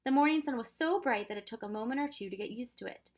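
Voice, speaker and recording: A woman reading a children's storybook aloud with expressive narration. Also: fairly high pitch, fast. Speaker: reader.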